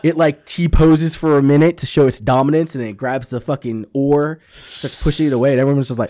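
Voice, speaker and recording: At a brisk pace and medium pitch, a man casually recaps a TV episode for a podcast, acting out the characters' lines and cursing freely. He's an animated, profane storyteller, and there's no room sound.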